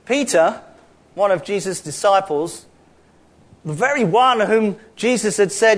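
A man's voice: sits high, moderate pace. A middle-aged man with a London accent giving a chatty, conversational sermon full of asides and rhetorical questions. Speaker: preacher.

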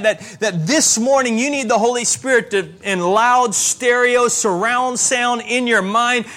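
A man preaching a sermon as a pastor, with emphatic rises and slow, stressed repetitions. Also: extremely high pitch, sharp tone.

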